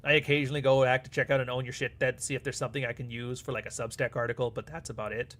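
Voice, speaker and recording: Rapid-fire delivery marks this man's medium-pitched, slightly bright voice, which barely moves in pitch. Hosting a live stream, he responds to super chats in a casual, blunt way, curses often, and dramatizes exchanges.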